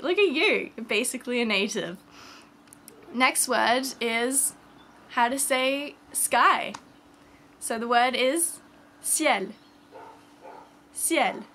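A young woman from France teaching children simple French words in an upbeat, encouraging way, repeating each word slowly. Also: fairly high pitch, sharp tone, slight background noise. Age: young adult. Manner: upbeat, encouraging, slow repetitions. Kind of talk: kids' language lesson.

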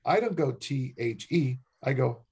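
A man's voice: mid-range voice, a little slow. An older man, a strength and discus coach, telling joking stories as a guest on a podcast interview. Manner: animated, joking storyteller.

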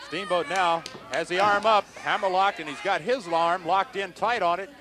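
A man giving brisk play-by-play commentary on a wrestling match. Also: sits high, noisy background. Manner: brisk, matter-of-fact calls.

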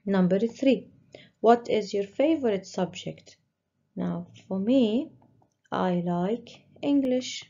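A woman teacher slowly walking young pupils through a worksheet, patiently stressing each word. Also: medium pitch, gravelly, warm tone. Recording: dull lo-fi recording.

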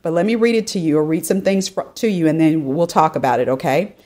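A woman's voice: sits low, quick pace, darkish tone. A woman hosting an opinion podcast, reading a news story aloud and talking it through in a chatty way, often turning straight to her listeners. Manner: chatty, addresses listeners directly, frequent "you know" and asides. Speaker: podcast host.

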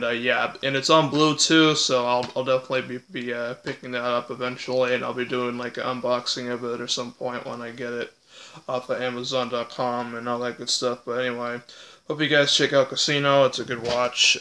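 Rambling young man with a bright tone. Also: mid-range voice. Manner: rambling with many fillers and restarts. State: hiccups. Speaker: vlogger reviewing a film. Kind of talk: casual unscripted review. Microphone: tablet or phone.

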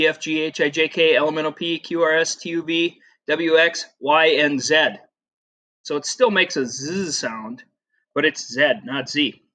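Chatty, bright-voiced American teacher. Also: male voice, a little high. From United States. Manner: chatty, rambling, with filler words and personal anecdotes. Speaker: geography teacher. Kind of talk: casual classroom video lesson.

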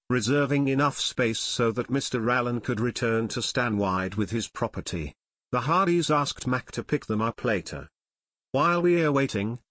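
A man narrating an unabridged audiobook in a measured, steady way. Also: medium pitch, no echo. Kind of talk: scripted narration.

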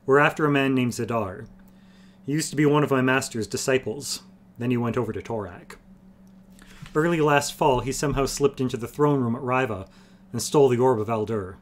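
A man's voice: mid-range voice, a little fast, slight background noise, close to an everyday voice. A man voicing an ancient, wry old male sorcerer who explains things blandly and patiently. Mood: wry explaining.

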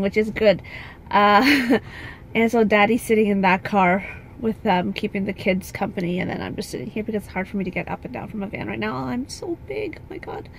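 A woman's voice: medium pitch, darkish tone, slight background noise. A woman chatting casually to camera in a vlog, rambling with lots of fillers, recorded on a handheld phone in a parked car. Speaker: vlogger and expectant mother.

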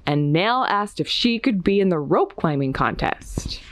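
A woman reading a children's picture book aloud with an expressive, lilting storybook delivery. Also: on the low side, unhurried.

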